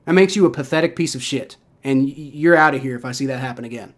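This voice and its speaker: A young man with a mid-range voice talks fast while hosting a live stream reacting to football. His rant is heated and profane, and he keeps repeating himself and starting over.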